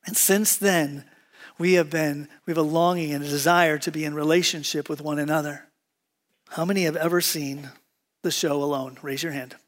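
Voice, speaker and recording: A man with a high voice preaching from the pulpit, moving easily between prayer and joking stories. His delivery is conversational and animated, like he is talking with a room full of friends. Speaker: pastor. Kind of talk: sermon with prayer and humorous stories. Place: church sanctuary with congregation.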